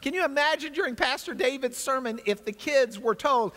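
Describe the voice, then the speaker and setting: A man teaching a Bible class in an energetic, animated lecture style, with asides to his class. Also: very high voice, moderate pace. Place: large church classroom. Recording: long hall reverb.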